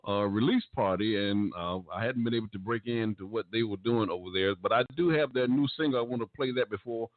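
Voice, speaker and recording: A man's voice: fairly low pitch, a little fast, hardly any pauses, no room sound. A man hosting a gospel radio show, signing off in a folksy, preacher-like cadence. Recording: dry, phone-like.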